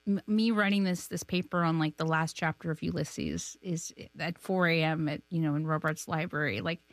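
A woman in her thirties from Canada chats as an interview guest, quick to laugh at herself. Her voice sits on the low side, and the studio sound is dry and close. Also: fairly even intonation, no room sound. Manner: chatty and self-deprecating, laughs often. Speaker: filmmaker guest. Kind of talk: casual interview chat.

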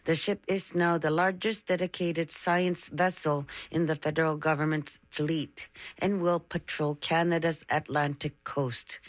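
A woman reading regional news in a steady, formal delivery. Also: sits low, no room sound. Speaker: news reader. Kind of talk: scripted regional news read.

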